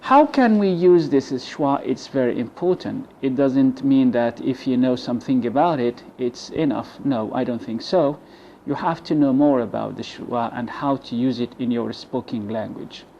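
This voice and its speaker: An Egyptian man gives an English pronunciation lesson, slowly and carefully drawing out the words he models and letting his voice sink at phrase ends. His tone is dark and mellow. The recording is dull and lo-fi, with a faint hiss underneath. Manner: slow, deliberate model words, drops low at phrase ends.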